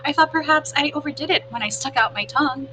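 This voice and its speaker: A woman voicing a dramatic, theatrical female opossum in a storybook read-aloud, with drawn-out, exclaiming emphasis. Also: high-pitched, over music, voice pushed up, natural voice, rough recording. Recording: humming background noise.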